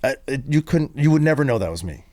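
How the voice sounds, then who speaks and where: A man's voice: medium pitch, big pitch swings, fast, warm tone, no echo, studio quality. A middle-aged man hosting a podcast, talking candidly in casual chat and swearing easily. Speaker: podcast host.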